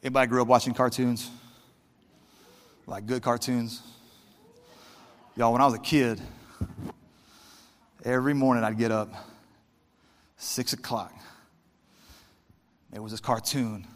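A man's voice: mid-range voice, steady tone, unhurried, pauses often, big-room sound. A male pastor preaching a fervent, conversational sermon straight to his congregation.

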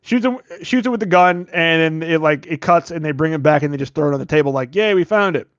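A man with a slightly high voice rambles through a movie plot on a podcast, leaning on fillers and dropping the odd casual swear. The sound is dry and a little dull, with no room echo. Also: fast talker, fairly bright tone, clear, resonant tone. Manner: rambling, filler-heavy retelling with frequent "like". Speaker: podcast host.

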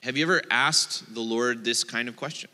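A man's voice: mid-range voice, moderate pace, sharp tone, in a large hall. A man, a rabbi, giving a playful, joking sermon and acting out the voices in his quotes.

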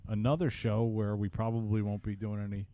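Mellow-voiced male podcast co-host. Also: lowish voice, little pitch movement, fairly quick. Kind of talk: casual chat. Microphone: headphones on.

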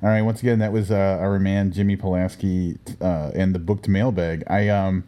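A man's voice: sits low, steady tone, moderate pace, dark tone. A man hosting a podcast, chatting casually with a rambling delivery full of fillers. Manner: rambling, lots of fillers and laughs. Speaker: podcast host.

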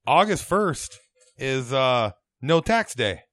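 A man's voice: mid-range voice, sing-song, takes it slowly, a bit bright, no echo, clean studio sound. A man co-hosting a podcast, talking in an easygoing, rambling way. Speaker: podcast co-host. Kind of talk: casual podcast banter.

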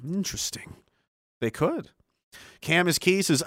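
A man's voice: fairly high pitch, lively intonation, moderate pace, fairly bright tone, no echo, clean studio sound. A man from Canada hosting a livestream, reading chat messages aloud in a profane, rambling and emphatic way. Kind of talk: casual livestream rant.

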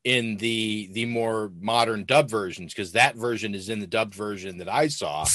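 A man co-hosting a casual film chat, replying in a relaxed, easygoing way. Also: fairly low pitch, normal speed, no echo. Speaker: podcast co-host.

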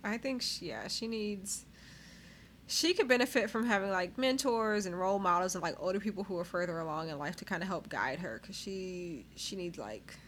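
A woman's voice: mid-range voice, moderate pace, a bit bright, a little hiss or hum. A woman co-hosting a casual chat, giving gossipy, opinionated takes and laughing often. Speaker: podcast co-host. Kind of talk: casual chat about a reality show.

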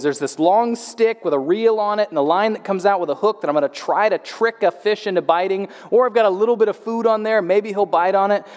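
A man in his thirties preaching a sermon, earnest, repeating words as he restarts and letting his voice fall at the end of phrases. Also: a little mellow. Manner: earnest, drops pitch at phrase ends, frequent restarts. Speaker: pastor. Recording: long hall reverb.

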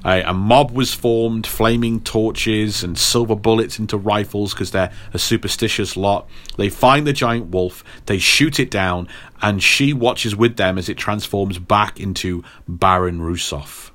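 A man's voice: lowish voice, unhurried, fairly bright tone. A man recapping a story in a rambling, playful way for a podcast. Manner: rambling, playful, many ums. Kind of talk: comic plot recap.

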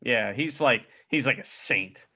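A man's voice: medium pitch, a little slow, bright, forceful tone, highs cut off. A man co-hosting a casual podcast chat, rambling and playful, often stopping to ask questions. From United States. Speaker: podcast co-host.

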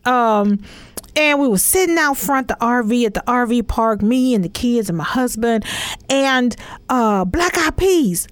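A chatty woman in her forties, telling a comic story about her kids. Her voice sits a bit high, and she keeps looping back with "you know" and "okay?". The sound is dry and close, with almost no room echo. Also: lively intonation, measured pace. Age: 40s. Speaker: mother telling a family story. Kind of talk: comedic storytelling monologue.

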